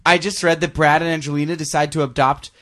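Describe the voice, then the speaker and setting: A man hosts a loose podcast chat in a somewhat high voice, teasing his co-host and reading out one-liners. His tone is playful and offhand. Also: little pitch movement, fast talker, a bit bright. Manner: teasing, jokey, reads one-liners aloud.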